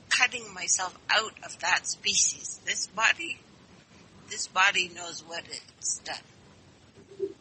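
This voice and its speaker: A woman's voice: on the low side, pushed and bright, a little hiss or hum. A woman calling in to a talk show, talking earnestly and enthusiastically in a rambling way over a phone line. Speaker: caller. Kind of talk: casual call-in chat.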